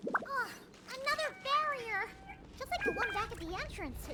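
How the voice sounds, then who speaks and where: A woman voicing a tiny, bossy, excitable floating girl companion in a video game, with a shrill, squeaky voice and scolding warnings. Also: moderate pace, heavy background noise. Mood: alarmed. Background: game music.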